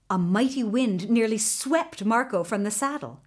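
A woman narrating a fairy tale in an expressive storybook reading style. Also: on the high side. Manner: expressive, unhurried.

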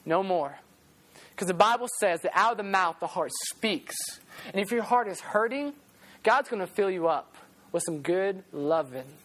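A preacher giving a storytelling sermon, animated, repeating phrases for emphasis and now and then singing a line. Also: medium pitch, normal speed.

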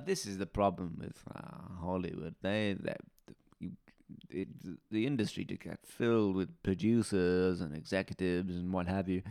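A man, playing a dialect coach as a comedy guest, who rambles deadpan and bursts into loud silly voices. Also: fairly low pitch, clear, resonant tone, dry recording, clean studio sound. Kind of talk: deadpan comic interview.

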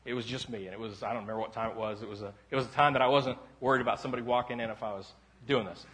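Pastor rambling casually, then shouting. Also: male voice, medium pitch, steady tone, rapid-fire. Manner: casual, rambling, self-deprecating storytelling with bursts of loud shouting. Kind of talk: conversational sermon. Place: church sanctuary.

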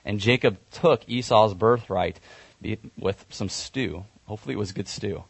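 Male preacher, lowish voice, relaxed storytelling sermon with fillers and corrections, dry recording. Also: moderate pace, creaky, breathy edge, no room sound. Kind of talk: sermon retelling a Bible story.

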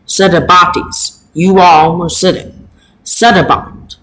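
Slow, halting man teaching Latin. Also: high voice, fairly even intonation, a bit bright, poor audio. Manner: halting and deliberate, lots of pauses and fillers. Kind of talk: slow home-made lesson.

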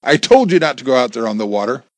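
A man reading a story, voicing an anxious, excitable young woman in a raised, breathless voice. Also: mid-range voice, fast, dry recording, close to an everyday voice. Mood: upset.

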